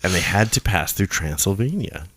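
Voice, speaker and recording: A man's voice: sits low, normal speed. A man co-hosting a podcast in casual chat, dropping wry quips and telling jokes. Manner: wry quips, builds jokes with rising excitement. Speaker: podcast co-host.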